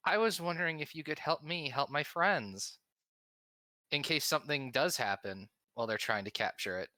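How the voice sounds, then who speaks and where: Player in character, hesitant polite pleading, bright dry voice. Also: mid-range voice, normal speed, no echo. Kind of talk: role-playing a character.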